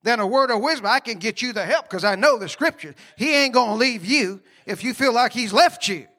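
High, forceful preacher man. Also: lively intonation, brisk. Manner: folksy and conversational, with laughing asides; asks the congregation questions. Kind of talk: sermon.

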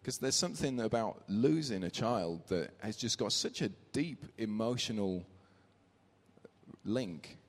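A man's voice: lowish voice, expressive, measured pace. A man giving a conversational sermon in church, telling a family story and reading scripture aloud. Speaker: preacher. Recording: reverberant church hall.

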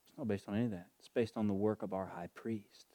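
A male preacher with a fairly low voice delivers a fervent, heartfelt sermon. He stretches his phrases and lingers on them. The recording is dry and close. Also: fairly even intonation, dark tone, dry recording. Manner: fervent, emotional, drawn-out preaching.

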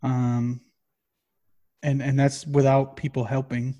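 A man co-hosting a podcast in casual chat, rambling and swearing constantly in an animated way. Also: medium pitch, takes it slowly. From Massachusetts. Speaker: podcast co-host.

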